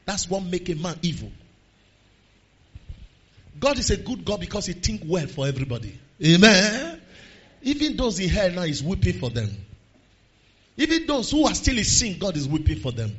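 A man with a Nigerian accent preaching a sermon to his church, moving between quiet talk and shouted prayer. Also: high voice, big pitch swings, moderate pace, long pauses, breathy edge, muffled recording. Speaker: pastor. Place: church service.

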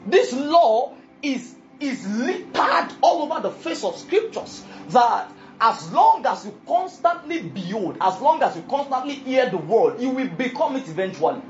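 Soft music accompanies a preacher whose medium-pitched voice is very animated but unhurried. He preaches emphatically and keeps asking the audience whether they're keeping up, all on a dull lo-fi recording.

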